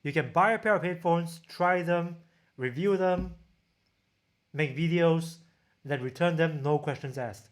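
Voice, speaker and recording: A man from Singapore with a Singaporean accent, a tech reviewer chatting casually on a livestream and reading viewer comments aloud, often halting and restarting his sentences. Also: on the high side. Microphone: camera-mounted shotgun mic.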